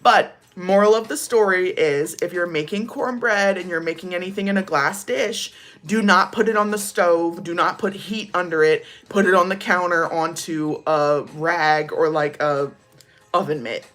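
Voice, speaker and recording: A woman's voice: on the low side, moderate pace, a bit bright. A young woman vlogger telling a casual storytime, rambling with lots of "like" fillers and laughing as she goes.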